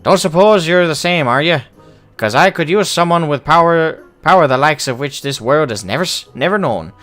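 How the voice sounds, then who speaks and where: A boisterous old dwarf hunter, voiced by a man in a high, exaggerated brogue. He blusters and bellows with lively swings in pitch. The tone is bright and forceful. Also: normal speed, faint music behind. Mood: blustering. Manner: hearty, blustering, loud greetings.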